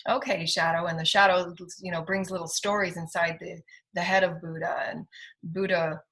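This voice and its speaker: Middle-aged woman, lowish voice, spiritual healer, emphatic affirmation-driven monologue. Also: little pitch movement, normal speed, a bit bright, rough recording. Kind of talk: inspirational spoken monologue.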